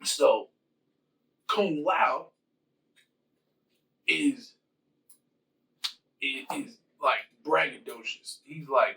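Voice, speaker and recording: A man casually retelling a film's plot in his own words, halting with fillers and restarts as he quotes the characters. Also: medium pitch, gravelly, pushed and bright, recorded from a distance, low-quality recording. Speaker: host retelling a film plot. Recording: voice from away from the mic.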